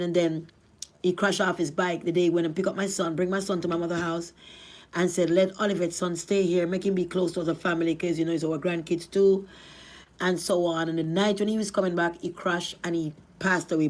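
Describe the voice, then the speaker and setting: A middle-aged woman from Jamaica with a Jamaican accent, telling her life story in a rambling, animated way. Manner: rambling, animated, rising to cries at high points. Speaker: vlogger. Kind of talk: emotional storytelling.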